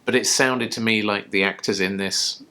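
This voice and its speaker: A man's voice: on the low side, steady tone, moderate pace, sharp tone, smooth. A man from the UK co-hosting a tipsy casual chat, rambling through jokes and stories. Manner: rambling, storytelling, jokey. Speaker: co-host.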